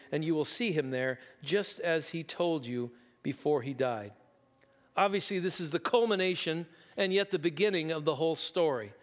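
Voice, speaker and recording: A man preaching a sermon, telling a story and reading scripture slowly and deliberately. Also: a little high. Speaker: pastor. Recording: long reverb of a large room.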